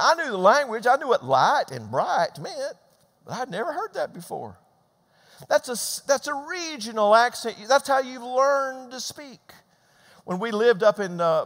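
Lively older preacher in a hall. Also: male voice, high-pitched. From Georgia, US. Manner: animated, conversational preaching with repetitions. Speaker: pastor. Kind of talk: sermon. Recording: long hall reverb.

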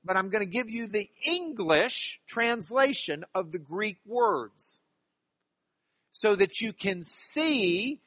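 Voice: medium pitch, expressive, slow, fairly bright tone, no room sound, studio quality. A Bible study teacher giving a class lesson, talking with the class and pressing hard on key words, repeating phrases for emphasis. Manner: conversational with the class, checks they follow along. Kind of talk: Bible class lesson explaining Greek word order.

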